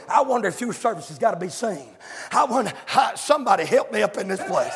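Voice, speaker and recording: A male preacher, shouting and chanting a fiery revival sermon in a church, with calls to the congregation. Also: sits high, animated, fast talker. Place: church sanctuary. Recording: echoey sanctuary with long reverb.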